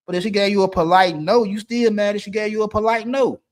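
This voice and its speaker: A man's voice: high-pitched, steady tone, quick pace. A middle-aged man, hosting a live stream and giving blunt dating advice, repeating his points for emphasis. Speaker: livestream host.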